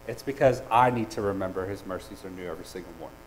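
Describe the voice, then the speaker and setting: A man preaching a sermon, earnest and personal, with hesitant restarts and swings between loud and soft. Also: low voice, racing, a little hiss or hum, low-quality recording. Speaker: pastor.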